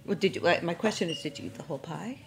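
New woman guest on a podcast, kinda low voice, rambly and excited. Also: racing, gravelly, crowd noise. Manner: enthusiastic, rambling, playful. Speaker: guest, cake designer. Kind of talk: casual interview chat.

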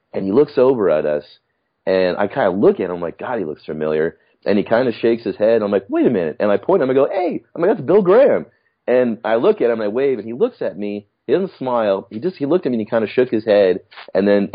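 A man's voice: lowish voice, highs cut off. A middle-aged man telling stories in a rambling, reflective way, with frequent restarts, as a podcast guest. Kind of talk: casual storytelling chat.

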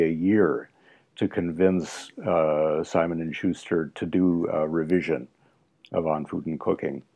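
An older man, a guest author, reminiscing in casual conversation in a halting way, with many pauses and restarts. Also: sits low, creaky, dark tone. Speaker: guest, food science author.

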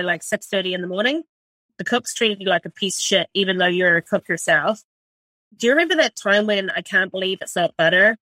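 A woman's voice: mid-range voice, bright, forceful tone, dry recording. A woman in her forties from New Zealand, with a New Zealand accent, telling her story as a chef in a blunt, swear-filled, casual way, full of "like". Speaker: chef and restaurant owner.

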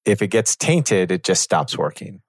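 A man teaching in a reflective conversation, measured and thoughtful, pausing to find his words. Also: low-pitched, sing-song, dry recording, studio quality.

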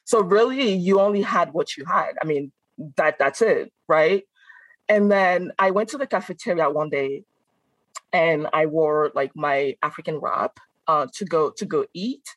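A woman from Benin, a guest on an interview podcast, chatting casually and telling animated stories with frequent laughs. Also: sits low, measured pace, no echo, rough recording. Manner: animated, laughs often, acts out quoted voices. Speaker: guest, food content creator. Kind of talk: casual conversational storytelling.

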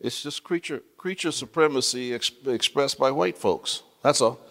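Man, guest author, conversational teaching, frequent restarts, checks in with listeners, middle pitch, long hall reverb. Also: moderate pace, a bit bright.

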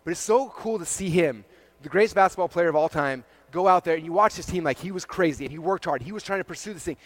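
A man delivers a rapid-fire motivational keynote to a live audience. His voice sits slightly high for a man, and he fills it with "like" and frequent "okay?" and "right?" check-ins. The sound is dry and close. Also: expressive, dry recording. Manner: heavy use of "like" as a filler. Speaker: speaker presenting to a live audience.

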